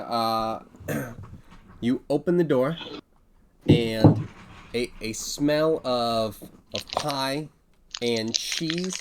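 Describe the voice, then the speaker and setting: A man's voice: mid-range voice, very noisy. A man narrating as game master of a tabletop game, hesitant with many fillers.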